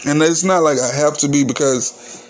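A man's voice: fairly high pitch, moderate pace. A man hosting his own podcast, talking casually in a candid, ranting, profane monologue. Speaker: podcast host.

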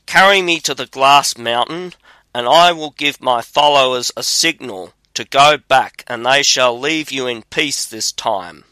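A man's voice: medium pitch, a little slow, pushed and bright, clear, resonant tone, dry recording, poor audio. A man reading the lines of a fearless, crafty young drummer. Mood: bold.

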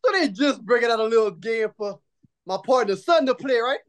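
A man's voice: very high voice, brisk. A man hosting a podcast, telling a long story in casual chat. He laughs often, swears and jokes freely, and acts out other people's lines in changed voices. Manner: animated, laughing often through his story; profane and joking. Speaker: podcast host.

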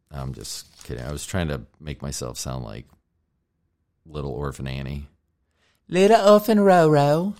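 A man in his fifties talks alone as a podcast host, drifting between tangents and cursing freely while poking fun at himself. His voice sits low and sounds smooth and resonant throughout. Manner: rambling, profane, self-mocking. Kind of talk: casual solo monologue.

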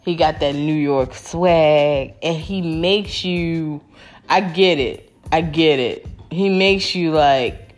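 With soft music in the background, a woman with a deep voice speaks slowly as she recaps a reality show for her viewers. She chats casually and rambles, full of fillers and restarts, addressing her audience as y'all.

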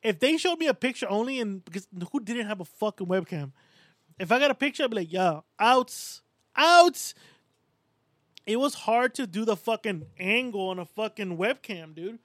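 Man, 30s, podcast co-host, high voice, dry close sound, profane storyteller who slips into mimicry. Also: animated, fairly quick, dry recording. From Puerto Rico. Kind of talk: casual chat.

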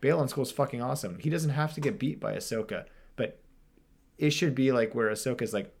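A man in a casual podcast discussion, talking in an animated, loose way and swearing freely. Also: medium pitch, a little fast, gravelly.

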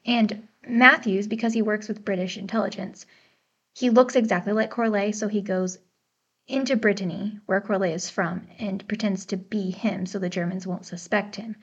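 An American woman co-hosts a book podcast, chatting casually, laughing often, and sounding unsure over pronunciations. Her mid-range voice is husky and steady at normal speed, captured on a dull lo-fi podcast mic.

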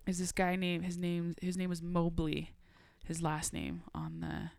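A young adult woman sits as a podcast guest and tells a personal story in casual conversation. Her voice sits a little low for a woman, smooth and edged with gravelly fry. She laughs often and acts out the lines she quotes, recorded close and dry. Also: level tone, measured pace, a little mellow, no room sound.

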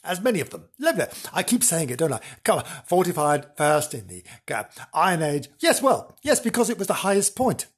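A man's voice: fairly high pitch, big pitch swings, a little fast, hardly any pauses, breathy edge. A man hosting a podcast, camp and theatrical, giggling as he talks. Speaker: podcast host. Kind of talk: playful podcast narration.

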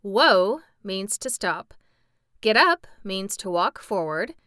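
A woman voicing an earnest young boy who gives brisk instructions in a storybook reading. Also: mid-range voice, sing-song, bright, forceful tone, no room sound, clean studio sound, exaggerated voice.

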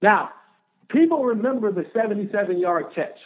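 A man, a former football player, telling a story as a podcast guest, animated and repeating phrases for emphasis. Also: sits high, moderate pace. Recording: tinny phone-line audio.

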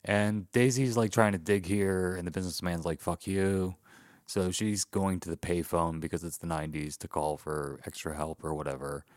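Deep-voiced man, wry movie recap. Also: steady tone, normal speed, hardly any pauses, a little mellow, dry recording, studio quality. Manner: wry, recaps the plot with sarcastic asides. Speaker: podcast co-host. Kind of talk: casual comedic movie review chat.

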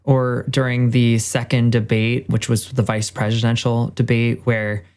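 A man's voice: mid-range voice, level tone, a little slow, darkish tone. A man chatting casually about politics, retelling conversations with quoted lines.

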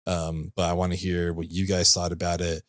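Casting: male podcast host, very low voice, upbeat and rambling, dry close mic. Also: completely flat delivery, brisk, dry recording. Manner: enthusiastic, laughs often, loose filler-heavy phrasing. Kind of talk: casual movie podcast chat.

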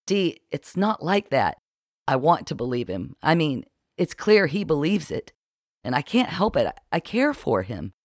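A man's voice: a little high, big pitch swings, measured pace, dry recording, studio quality, pitched above the performer's own voice. A man voicing a tipsy, pleading middle-aged woman in love, hesitant and defensive, in an audiobook. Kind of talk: audiobook character voice.

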